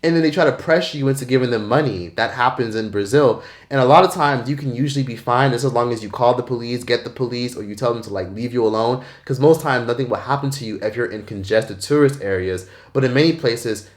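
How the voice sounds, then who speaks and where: A man's voice: mid-range voice, fairly bright tone. A man talking bluntly and emphatically in a casual commentary vlog, swearing freely. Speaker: vlogger.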